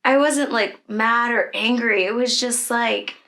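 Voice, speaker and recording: Children's ministry leader, woman, bright forceful voice, candid emotional storyteller with lots of fillers. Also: on the high side, measured pace. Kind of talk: personal storytelling in a conversation.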